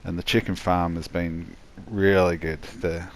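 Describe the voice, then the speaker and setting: A tired man giving a rambling, halting voice-over commentary on his own gameplay, yawning as he goes. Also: deep voice, little pitch movement, a little hiss or hum. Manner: rambling, halting, many restarts and fillers.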